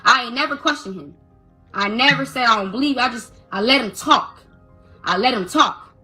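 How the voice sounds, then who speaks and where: A woman's voice: fairly high pitch, normal speed, sharp tone, soft background music. A mother telling a personal story, stammering as she repeats back what was said to her. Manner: stammering, retells dialogue.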